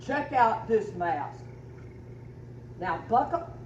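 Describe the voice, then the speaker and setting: A woman hosting a community video, talking in a teasing, animated way to a man and a set of stuffed toys. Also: a little high, drawn-out words. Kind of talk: playful skit narration. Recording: echoey, dull, faint background noise.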